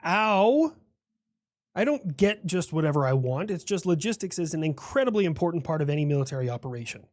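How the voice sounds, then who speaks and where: A boastful personified America. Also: male voice, fairly high pitch, sing-song, fairly quick, dry recording, clean studio sound. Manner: boastful, explains at length. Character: proud personified United States, male, lecturing. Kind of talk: comedic animated skit dialogue.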